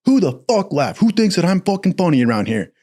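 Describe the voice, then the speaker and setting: A man's voice: high-pitched, big pitch swings, fairly quick, warm tone, pitched above the performer's own voice. A man doing a barking navy chief. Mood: threatening. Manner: barking, profane, commanding. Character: gruff male navy chief, short-tempered drill boss.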